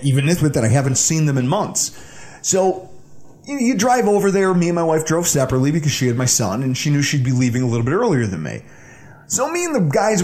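Dude in his 30s telling a story on a podcast, bouncy voice, goes up and down a lot. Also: mid-range voice. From Buffalo, New York area. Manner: animated, laughing storyteller. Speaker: podcast co-host. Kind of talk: casual storytelling chat.

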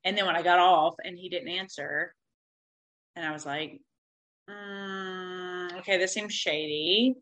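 A woman in her thirties telling a personal story candidly, animated and swearing freely, acting out what people said. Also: on the low side, measured pace, low-quality recording. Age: 30s.

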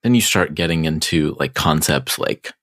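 A man's voice: extremely low pitch, animated, moderate pace, a bit bright. A young man co-hosting a podcast, talking in casual chat with a hesitant, hedging manner. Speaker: podcast co-host.

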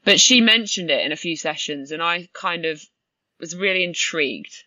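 Bright-voiced woman. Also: lowish voice, normal speed, dry recording, lo-fi sound. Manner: animated, acts out her own inner voice. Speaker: podcast guest. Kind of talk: conversational storytelling.

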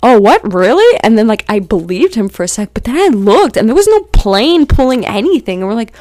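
A woman's voice: a little high, brisk, no echo. Young woman podcast host rambling through a story, says "like" constantly, dry close mic. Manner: rambling, heavy use of "like", animated when quoting herself. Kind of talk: casual storytelling.

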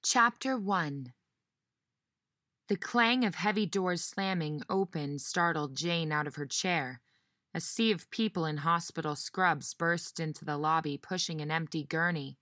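A woman narrating a novel in measured storytelling style, giving each character a voice. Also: sits low, pushed and bright, no echo, studio quality. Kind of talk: audiobook narration.

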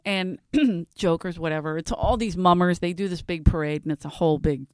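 A woman, swapping stories in a loose, animated chat. Her voice is smooth and clear, recorded dry and close with no room sound. She laughs a lot and puts on the voices of the people she quotes. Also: on the low side, brisk, no echo. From South Philadelphia. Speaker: comedy podcast host. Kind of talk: casual storytelling chat.

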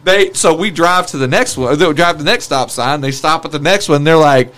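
Animated, profane storyteller, a bit high. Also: male voice, fairly quick. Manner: profane, animated, laughs through his stories. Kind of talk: casual storytelling chat.

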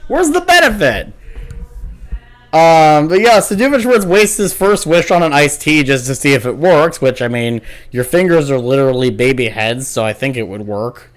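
A man's voice: on the high side, faint music behind. Chatty man recapping cartoons. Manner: animated retelling, puts on quick voices. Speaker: podcast co-host. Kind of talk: casual chat.

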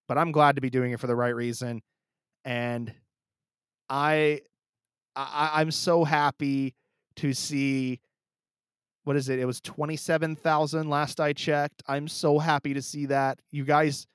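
A man's voice: mid-range voice, smooth, no room sound. A man hosting his own podcast in casual solo talk. He is teary and emotional, rambling with many restarts, close on the mic. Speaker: podcast host.

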